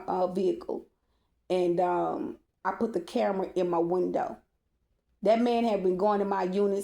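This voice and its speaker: A woman's voice: medium pitch, vocal fry, darkish tone. A woman telling a personal story in a casual storytime monologue, blunt and profane, often checking in with "okay?". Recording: echoey room.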